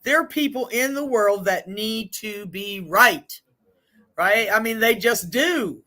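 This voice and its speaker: A woman leading a group session on stress, talking frankly and in a lively way, with blunt asides. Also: fairly high pitch, slow pace. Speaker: group facilitator.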